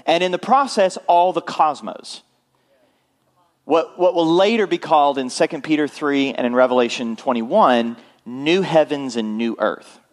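Male pastor, conversational sermon delivery, frequent check-ins with the congregation. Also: a little high. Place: church.

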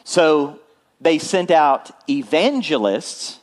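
A man's voice: a little high, lively intonation, slow. Conversational male pastor preaching. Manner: conversational, checks in with the congregation often. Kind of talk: sermon. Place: church.

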